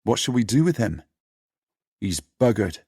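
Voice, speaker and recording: A man voicing an upset young boy who loves dogs and ends up shouting in rage and grief. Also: on the low side, sing-song, unhurried, gravelly, breathy edge, no echo, studio quality, pitched above the performer's own voice, heavily acted. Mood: upset, insistent. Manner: shouts and screams in fury.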